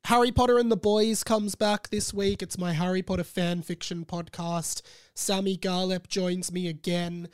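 A man's voice: high-pitched, little pitch movement, normal speed, smooth, no room sound. A man hosting a casual solo podcast, talking with a sore throat from being sick, playful and rambling. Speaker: podcast host.

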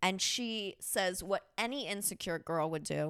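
A woman hosting a casual podcast, telling a story in a blunt, profane, animated way. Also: medium pitch, measured pace, hardly any pauses, clean tone, dry recording, studio quality. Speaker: podcast host.

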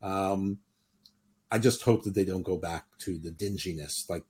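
Husky-voiced man hosting a podcast. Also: deep voice, measured pace, warm tone. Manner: opinionated, rambling with restarts. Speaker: podcast host. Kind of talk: casual wrestling chat.

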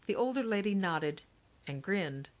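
A woman reading a children's novel aloud in a steady, clear way. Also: mid-range voice, measured pace. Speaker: audiobook narrator. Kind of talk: scripted narration of a children's novel.

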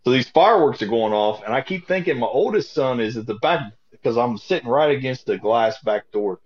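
Podcast co-host: young guy, mid-pitched, profane, laughs a lot, dull lo-fi mic. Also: expressive, a little fast. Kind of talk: casual chat. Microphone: earpiece headset mic. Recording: dull lo-fi sound.

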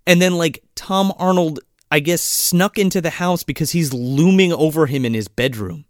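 A man's voice: on the high side, moderate pace, no echo, clean studio sound. A man co-hosting a casual movie recap chat. He swears a lot and acts out the scenes in voices.

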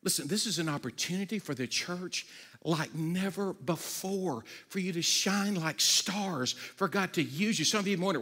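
Bright, energetic pastor, man. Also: sits high, normal speed, breathy edge, in a large hall. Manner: energetic and conversational, with humorous asides; frequent stammered restarts. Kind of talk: sermon.

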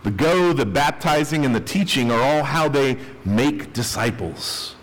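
A man, a pastor, preaching a sermon with emphatic delivery, dropping his voice low on key words. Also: lively intonation, a little slow, long reverb tail, low-quality recording.

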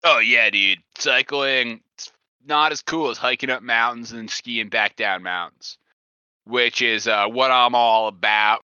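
A man's voice: mid-range voice, measured pace, sharp tone, clear, resonant tone, dry recording, lo-fi sound. A man doing an improvised comedy voice of a vain, macho forty-five-year-old pro skier full of meathead bravado. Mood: bragging. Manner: boastful meathead bravado, slangy.

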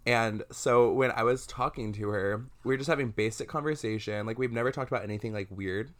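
A man's voice: mid-range voice, brisk. A young man co-hosting a casual podcast, telling a ghost story animatedly with lots of filler words. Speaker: podcast co-host.

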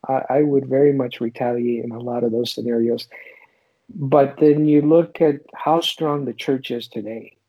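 A man's voice: medium pitch, warm tone, breathy edge, no echo, highs cut off. A man speaking earnestly and a little hesitantly in a casual scripture discussion. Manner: earnest, searching, hesitant fillers. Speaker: scripture study discussion participant.

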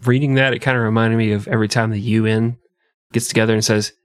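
A man's voice: lowish voice, little pitch movement, quick pace, no echo, studio quality. A man co-hosting a casual podcast, cracking profane jokes. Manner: wisecracking, profane. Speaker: podcast co-host.

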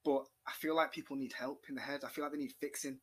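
A young man, talking quickly and emotionally in a casual podcast chat and swearing freely. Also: mid-range voice, steady tone, husky. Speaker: podcast guest.

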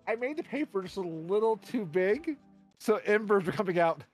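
High-pitched man co-host, halting and filler-heavy. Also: lively intonation, a little mellow, faint music behind. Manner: hesitant, stumbling, filler-heavy. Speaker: podcast co-host. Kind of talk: casual chat.

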